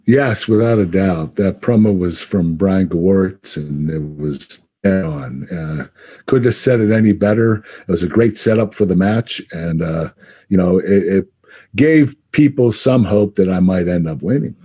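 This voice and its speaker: A man in his fifties, a retired wrestler, answering interview questions with frequent laughs and halting fillers. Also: deep voice, mellow, slightly rough. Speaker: retired pro wrestler, guest.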